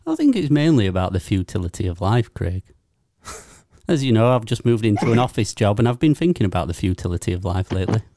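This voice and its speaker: A man's voice: on the low side, big pitch swings, fairly quick, dark tone, no room sound, clean studio sound. A man co-hosting a casual podcast, rambling and stumbling over his words. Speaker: podcast co-host. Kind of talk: casual chat.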